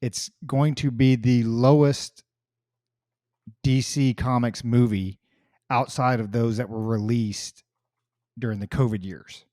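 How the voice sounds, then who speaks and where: Guy co-hosting a podcast, even voice, dry mic, asks slow steady questions. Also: mid-range voice, dry recording. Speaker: podcast co-host. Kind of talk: casual podcast chat.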